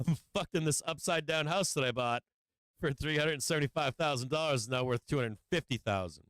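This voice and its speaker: A middle-aged man hosting a live market show, ranting in a swearing, animated way, acting out little scenes and tagging his lines with "right?". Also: mid-range voice, no room sound. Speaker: stock market show host. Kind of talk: profane livestream market rant.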